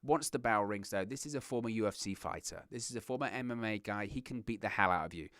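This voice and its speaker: A young man hosting a wrestling reaction show, chatting casually with lots of restarts and animated asides. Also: on the low side, quick pace, no room sound, studio quality. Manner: rambling, animated, self-interrupting with restarts. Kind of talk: casual solo commentary.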